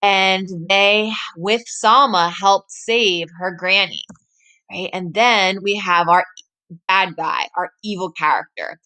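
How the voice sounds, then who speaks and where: A woman teacher reading a story aloud and pausing to explain it to her class, often checking in with "right?". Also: medium pitch, sharp tone, clean tone.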